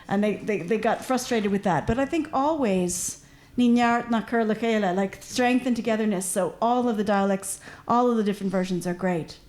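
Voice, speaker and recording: A woman from Washington D.C. speaking on a panel discussion, chatty and animated with lots of asides. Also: medium pitch, normal speed. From United States, Washington D.C.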